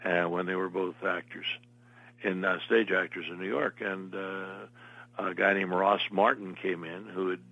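Older guy rambling through old stories, husky voice, dry dull recording. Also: low-pitched, flat delivery, a little slow, pushed and bright, no echo. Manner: meandering anecdotal storyteller. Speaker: interview guest, actor. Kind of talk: casual interview storytelling.

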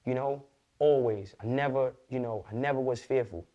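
Fast-talking man telling his story. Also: medium pitch, dark tone, highs cut off. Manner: fast, slangy, profane street talk. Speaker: podcast guest. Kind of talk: candid interview storytelling.

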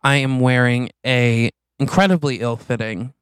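A man's voice: mid-range voice, steady tone, normal speed, clean tone, no room sound, clean studio sound. A young adult man co-hosting a podcast, telling a story in a wry, easygoing way. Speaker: podcast co-host. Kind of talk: casual storytelling chat.

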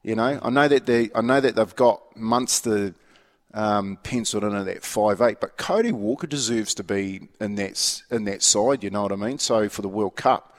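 With a fairly low pitch and normal speed, a man with a New Zealand accent co-hosts a radio show, chatting casually about sport. He's laid-back and matey, rambling with many restarts, and the audio has a big-room quality.

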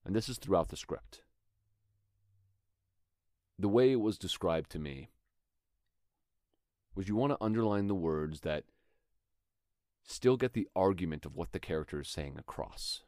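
A man with a very low, deep voice talks through acting technique in a relaxed, thoughtful way. He sounds like a podcast host teaching his listeners, and now and then he reads a line aloud as an example. The sound is dry and close, with no room around it. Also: a little slow, pauses often, no room sound. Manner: thoughtful, conversational, demonstrates lines aloud. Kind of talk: instructional talk.

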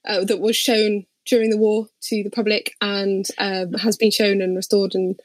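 A woman's voice: medium pitch, flat delivery, moderate pace, dry recording. A woman guesting on a podcast in casual chat, sarcastic and thoughtful, hesitating with plenty of ums.

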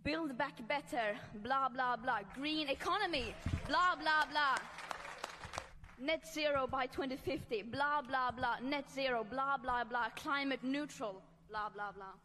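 A woman giving a public speech, mocking empty promises in a deliberate, scornful way. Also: high voice, sharp tone, slight background noise. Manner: mocking, deliberate, repeating filler words scornfully. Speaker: speaker at a climate event. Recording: reverberant hall with faint ambience.

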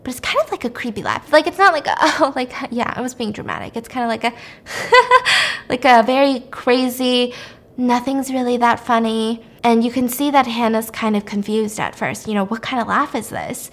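Woman podcast host, casual horror recap, animated, acts out quotes, fairly high voice. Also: fairly quick. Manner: animated, acts out quotes, drops to a hush for creepy parts. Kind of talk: casual film recap storytelling.

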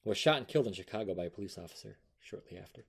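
Man, podcast co-host, lowish voice, relaxed true-crime banter with offhand swearing. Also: racing, creaky, husky. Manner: reads notes loosely, swears casually, laughs often. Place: home room with a noisy cat.

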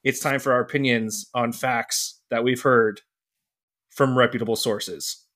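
A man's voice: mid-range voice, fairly even intonation, measured pace. A man hosting a podcast in casual chat, loose and rambling with many fillers. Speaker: podcast host.

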